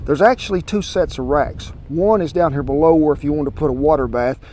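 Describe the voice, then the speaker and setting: A man's voice: on the high side, darkish tone, a little hiss or hum. A man hosting a casual cooking demonstration outdoors, talking in a folksy, chatty drawl. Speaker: cooking show host. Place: outdoors by a smoker grill.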